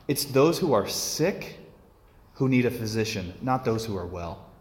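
A man preaching a homily in a loose, conversational way, full of fillers and restarts. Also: fairly low pitch. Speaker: priest. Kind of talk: sermon. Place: church. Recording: echoey church hall.

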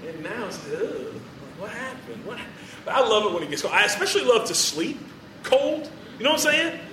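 Lively high-voiced man preaching in a hall. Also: fast, slight background noise. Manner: animated, playful, acts out quotes. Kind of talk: lively sermon to students. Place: large room with audience. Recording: roomy hall, distant from mic.

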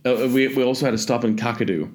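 A man's voice: mid-range voice, quick pace. A Canadian man telling travel stories in a casual chat, rambling, correcting himself, and swearing freely.

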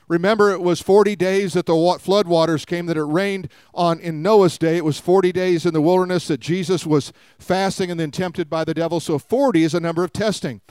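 A man's voice: sits high, steady tone, a little fast, hardly any pauses, a little mellow, clear, resonant tone, no room sound, studio quality. A man preaching a sermon, retelling a story with acted-out quotes and calls for the congregation to respond.

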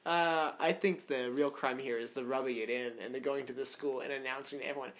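Very low-voiced woman host. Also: steady tone, brisk. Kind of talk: casual chat.

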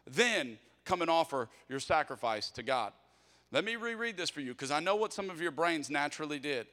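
Male pastor, bright, forceful delivery, conversational sermon, long church reverb. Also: fairly high pitch. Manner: energetic, conversational, acts out prayers and quotes in quick asides. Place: church auditorium.

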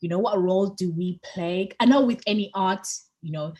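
A woman co-hosting a podcast in casual chat, chatty and getting excited on politics, with lots of fillers and restarts. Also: medium pitch, moderate pace. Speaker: podcast co-host.

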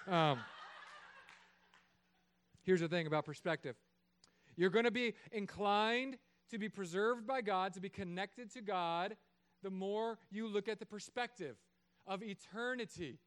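A man in his thirties, a pastor preaching a sermon in a church, animated and joking, acting out little voices. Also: sits high, smooth. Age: 30s.

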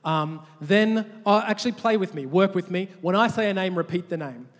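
A man preaching a sermon as pastor, animated, often restarting and repeating words as he leads the congregation in call-and-response. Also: sits high, normal speed. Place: large church hall. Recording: long hall reverb.

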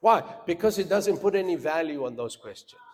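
High-voiced preacher man in a reverberant hall. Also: expressive, a little fast. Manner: preaching with dramatic rises into shouts and drops to a hush. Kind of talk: sermon.

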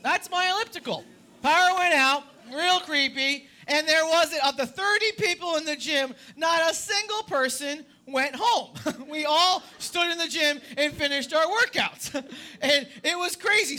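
A male pastor preaching to a church congregation with a high, very bright voice. His delivery is animated, rising to near-shouts and then dropping to hushed, quiet stretches. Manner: animated, swings between loud and hushed. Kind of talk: sermon.

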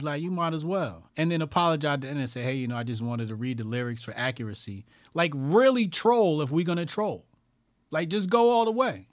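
A man's voice: a little high, no echo, clean studio sound. A man hosting a call-in commentary show, talking casually and profanely, repeating phrases for emphasis.

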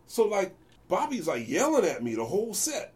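A man's voice: high voice, moderate pace. A man telling stories in a casual interview, acting out other people's voices as he goes. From United States. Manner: animated, acts out voices in anecdotes. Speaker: jazz bassist guest.

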